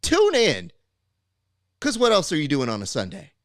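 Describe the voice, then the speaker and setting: A man's voice: fairly high pitch, wildly swooping pitch, moderate pace, fairly bright tone, no room sound, clean studio sound. A man putting on the boastful voice of a trash-talking fight figure, taunting and mocking on a podcast. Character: gravelly brash male fight promoter doing trash talk. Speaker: host.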